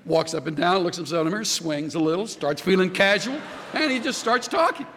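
Lively, bright-voiced male preacher. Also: sits high, a little fast, big-room sound, a little hiss or hum. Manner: animated preaching with a joke story. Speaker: pastor. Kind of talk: sermon.

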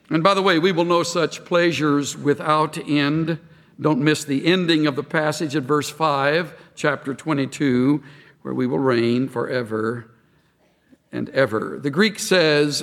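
A man preaching a sermon in measured tones, building to emphatic peaks and slowing for weight. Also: on the high side, fairly bright tone, big-room sound. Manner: measured preaching with rising emphasis and slow pauses. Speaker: pastor.

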